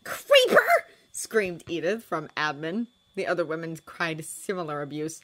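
A woman reading fanfiction aloud in a lively storytelling manner, acting out shouted lines. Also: low-pitched, moderate pace. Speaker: fanfiction audiobook reader.

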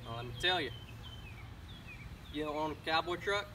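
A man's voice: fairly high pitch, animated, normal speed, lightly acted. A man putting on a swaggering cowboy. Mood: boastful. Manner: swaggering, folksy, mocking. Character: boastful macho cowboy man, rancher. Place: outdoors beside a pickup truck. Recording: distant mic with outdoor vehicle noise.

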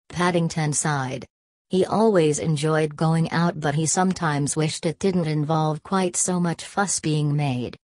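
A woman reading a children's story aloud in a measured, expressive way. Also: sits low, no echo. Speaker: audiobook reader. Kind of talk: storybook narration.

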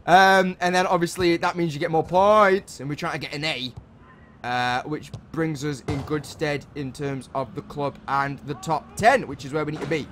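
A young man, giving casual commentary while playing a football video game and shouting encouragement and curses at the players. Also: a little high, steady tone, normal speed, faint music behind. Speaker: gaming channel host.

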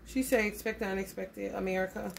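A woman gives a loose, casual tarot reading in a gravelly, creaky voice. She talks bluntly and swears often, calling her listeners honey. A faint hiss of noise sits under her voice. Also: medium pitch, fairly even intonation, fast. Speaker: tarot reader.

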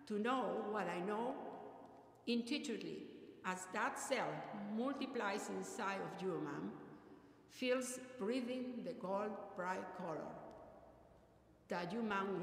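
A middle-aged woman from Peru, delivering an earnest, measured memorial eulogy. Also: medium pitch. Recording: echoey hall with long reverb, faint ambient noise.

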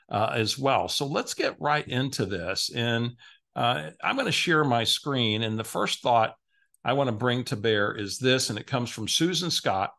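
A man from San Antonio, Texas, giving an energetic, conversational coaching lesson to real estate agents and telling stories along the way. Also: medium pitch, vocal fry.

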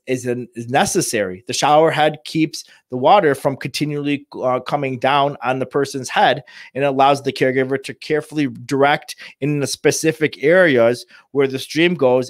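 A man who works in home care, giving informal advice to families and talking in halting bursts full of restarts and fillers. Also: medium pitch, no echo, clean studio sound. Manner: halting, many restarts and "you know" fillers.

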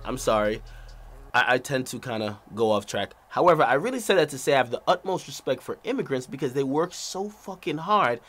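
Guy on a stream going off about a clip, high bright voice, swings all over. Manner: animated, profane, loud asides. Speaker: streamer reacting to a video. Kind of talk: profane reaction rant.

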